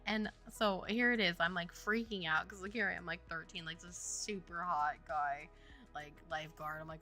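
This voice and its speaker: A woman's voice: lowish voice, fairly even intonation, normal speed, sharp tone, soft background music. A woman game developer chatting casually on a livestream, telling a rambling story full of "like" and laughter. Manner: rambling storytelling, heavy use of "like", frequent laughter. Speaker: game developer streaming her work.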